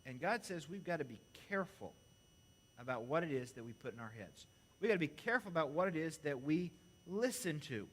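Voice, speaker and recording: A man's voice: on the high side, sing-song, a little fast, breathy edge. Man preaching an earnest sermon. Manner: earnest, with rhetorical questions to the congregation.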